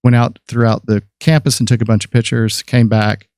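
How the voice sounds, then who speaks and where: A man's voice: medium pitch, level tone, a little fast, darkish tone, clear, resonant tone, no room sound, studio quality. A man in his fifties, a podcast guest and photographer, telling rambling stories about his life in a casual chat, with many fillers and restarts.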